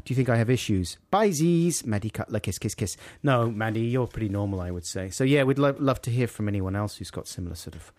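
A man's voice: lowish voice, fast, few pauses, darkish tone, no echo. A man, co-hosting a radio show in playful, casual banter. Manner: playful, laughs easily. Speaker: radio host. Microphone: studio mic.

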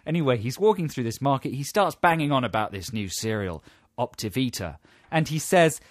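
A man's voice: mid-range voice, expressive, a little fast, few pauses, no room sound, clean studio sound. A British man co-hosting a radio show, bantering playfully and breaking into silly impressions. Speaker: radio co-host. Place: radio studio. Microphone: studio microphone.

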